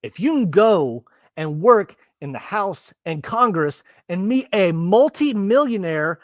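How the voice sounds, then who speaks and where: A man's voice: high voice, very animated, measured pace, dry recording. A man ranting bluntly and profanely while reacting to the news in casual commentary. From Texas. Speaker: political commentary host.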